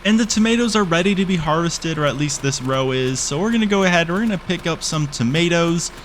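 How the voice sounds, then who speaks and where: A man's voice: a little high, lively intonation, fast talker, slight background noise. A young man giving casual, chatty commentary over a farming game, playfully exasperated and talking to the animals on screen. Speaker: gaming YouTuber.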